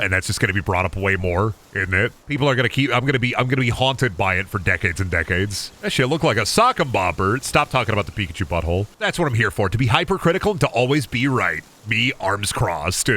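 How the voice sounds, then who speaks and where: A man streaming a game, chatting casually in an animated, joking, crude way. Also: fairly low pitch. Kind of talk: casual gaming stream chat.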